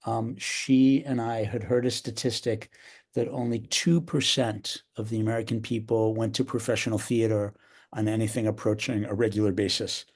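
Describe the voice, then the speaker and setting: A man's voice: on the low side, fairly even intonation, normal speed. An older man, a theater director as interview guest, speaking reflectively with frequent restarts and a slight cough. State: slight cough, clearing throat. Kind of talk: podcast interview.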